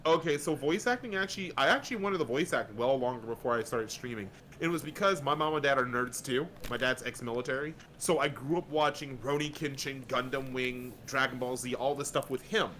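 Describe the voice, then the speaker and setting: A man from Florida, a guest on a casual podcast, telling lively stories and swearing freely. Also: mid-range voice, slight background noise. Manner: animated storyteller, slips into quick voices, swears freely.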